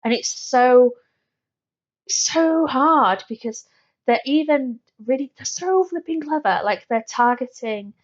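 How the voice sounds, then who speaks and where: A woman's voice: high voice, expressive, slow pace, lo-fi sound. A woman hosting a solo wellness podcast, chatty and full of fillers and restarts. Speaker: podcast host.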